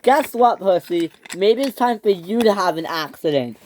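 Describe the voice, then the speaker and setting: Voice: medium pitch, lively intonation, moderate pace, a little mellow, a little hiss or hum, pitched above the performer's own voice, natural voice. The narrator voicing a bullying male logging engine who taunts and threatens in a raised voice. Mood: taunting.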